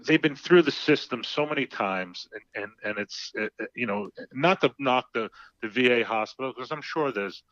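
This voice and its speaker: Bright-voiced man, slightly muffled audio. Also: mid-range voice, normal speed, no echo. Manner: lively, teasing, stumbles and repeats words. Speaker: treatment center executive, guest. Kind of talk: casual radio talk show conversation.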